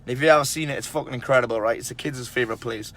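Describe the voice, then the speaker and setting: A man's voice: medium pitch, racing, fairly bright tone. A man talking straight to camera, blunt and emphatic, swearing often as he gives tough-love advice to other men. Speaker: men's self-help speaker. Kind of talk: casual motivational monologue.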